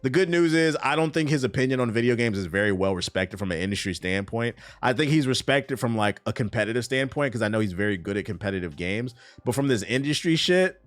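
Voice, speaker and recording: A man's voice: medium pitch, quick pace, hardly any pauses. A man hosting a live stream, reacting in a casual, profane and exasperated rant. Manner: animated, profane, exasperated ranting. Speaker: streamer and host.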